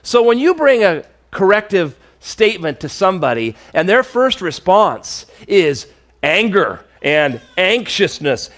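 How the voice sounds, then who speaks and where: A man's voice: high voice, fairly bright tone. A male pastor preaching a conversational, emphatic sermon to his congregation.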